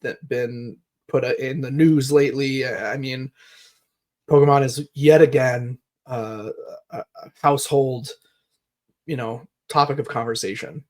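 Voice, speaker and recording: Rambling podcast co-host explaining trends. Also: male voice, medium pitch, steady tone, measured pace. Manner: rambling, hedging with fillers as he explains. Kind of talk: casual chat, market talk.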